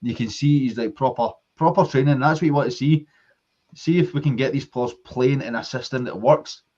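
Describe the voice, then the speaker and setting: A man's voice: medium pitch, a little fast, darkish tone, lo-fi sound. A man with a Scottish accent, co-hosting a casual football fan podcast, arguing his point passionately in long runs. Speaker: podcast co-host.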